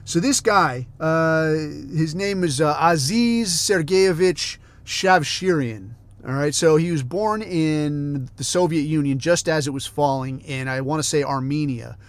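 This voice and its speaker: A man's voice: fairly high pitch, unhurried, dry recording. A middle-aged man hosting a podcast, telling rambling stories in a casual, heavily profane rant. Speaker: podcast host.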